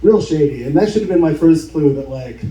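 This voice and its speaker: A man's voice: on the high side, animated, fairly quick, dark tone. A man telling a live story at a bar show, casual and swearing, playing the people in his tale. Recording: echoey room, mic heard from a distance. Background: audience cheering and laughing.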